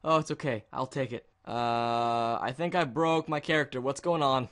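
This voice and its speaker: A man giving casual gameplay commentary, excitable and jokey, with mock-dramatic outbursts. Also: mid-range voice, moderate pace. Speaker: gaming video creator.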